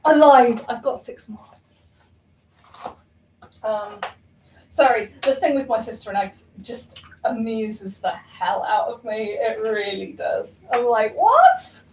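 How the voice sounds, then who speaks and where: A woman's voice: fairly high pitch, takes it slowly, a little mellow, slight background noise. A young woman chatting casually while baking at home, rambling and self-mocking with lots of ums and laughs. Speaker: baking vlogger. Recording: roomy kitchen, voice from far off.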